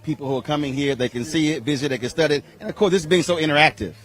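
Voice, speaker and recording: High bright-voiced guy doing roving interviews outdoors, upbeat and teasing. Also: rapid-fire. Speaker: event reporter. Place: outdoor crowd.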